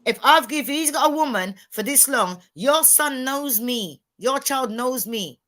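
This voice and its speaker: A woman's voice: high-pitched, unhurried. A middle-aged woman, talking emphatically in a casual panel chat and retelling conversations. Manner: emphatic, animated storytelling with quoted dialogue.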